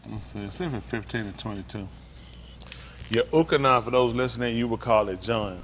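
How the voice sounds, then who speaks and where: A pastor preaching a sermon, reading scripture aloud slowly and commenting between verses, calling out to the congregation. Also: male voice, on the low side, fairly even intonation, fairly bright tone, slight background noise. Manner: call-and-response preaching, rising to emphatic exclaims.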